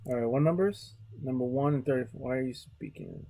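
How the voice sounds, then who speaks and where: An artist chatting casually while drawing, relaxed and rambling, with frequent swearing and trailing restarts. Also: mid-range voice, fairly quick, gravelly. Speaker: artist hosting a drawing video.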